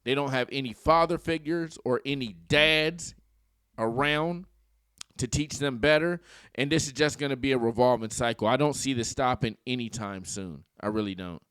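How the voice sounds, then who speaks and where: Slangy opinionated male vlogger, smooth voice. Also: mid-range voice, normal speed, fairly bright tone, no echo, clean studio sound. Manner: opinionated, slangy, joking asides. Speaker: YouTube commentator. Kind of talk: casual political commentary vlog.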